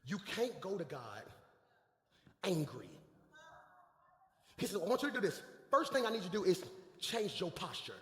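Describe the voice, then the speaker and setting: A man preaching a lively sermon as pastor, with shouted bursts and casual slang. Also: high voice, normal speed, long pauses. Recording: echoey hall.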